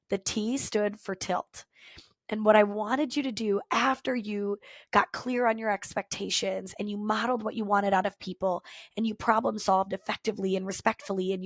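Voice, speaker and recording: A woman podcast host and culture coach telling a personal story in an earnest, reflective way, with thoughtful pauses. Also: medium pitch, no room sound, studio quality. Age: former teacher, adult.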